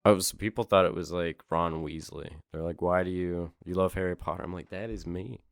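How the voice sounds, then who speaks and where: A man with a very low voice tells stories with a deadpan, joking edge. His podcast mic sounds dry and close, with no room around it. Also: fairly quick, clear, resonant tone, dry recording. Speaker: comedian guest, teacher. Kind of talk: casual comedic chat.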